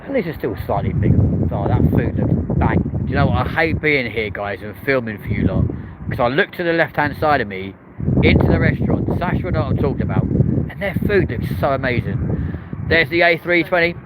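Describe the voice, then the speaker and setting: A cheery man talks through a live stream beside a runway, tossing out casual slang as he greets viewers. His voice sits at an ordinary middle pitch. Loud wind and traffic noise roar around the outdoor recording. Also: animated, fairly quick. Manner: chatty, upbeat, cheery British slang. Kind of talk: live-stream commentary, reading out chat. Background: wind and passing vehicles.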